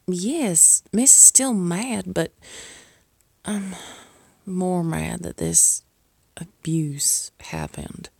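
A woman with a heavy gravelly fry and a lowish voice, talking slowly in an audio role-play. She is both scolding and soothing, and often sinks into a whisper. The sound is dry and close. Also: warm tone, no room sound. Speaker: caring mistress speaking to a listener.

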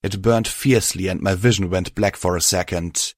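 Male narrator, low-pitched, measured, first-person fiction reading. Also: steady tone, dry recording, studio quality.

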